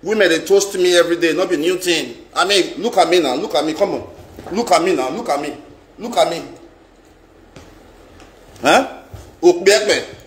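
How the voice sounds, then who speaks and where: A man's voice: a little high, moderate pace, pauses often. A Nigerian man telling a story in a dramatic, repetitive, boastful vlog rant. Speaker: vlogger. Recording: roomy echo.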